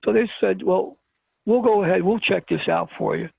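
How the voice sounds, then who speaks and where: Gravelly Brooklyn man on a phone line. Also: high voice, normal speed, no room sound. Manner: dramatic retelling with quoted exchanges. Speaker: guest. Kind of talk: storytelling on a call-in show.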